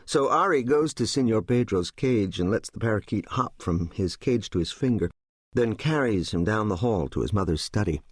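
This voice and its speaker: Man reading an audiobook, kinda husky, lots of pitch movement, dry close sound. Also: animated, no room sound. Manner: measured, descriptive storytelling. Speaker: audiobook narrator. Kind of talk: scripted audiobook narration.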